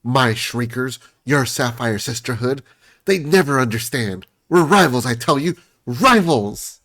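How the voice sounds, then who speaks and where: A man's voice: mid-range voice, expressive, unhurried, a bit bright. A man voicing a passionate female plant-creature gang leader, declaiming in a raised voice. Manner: dramatic, declaiming.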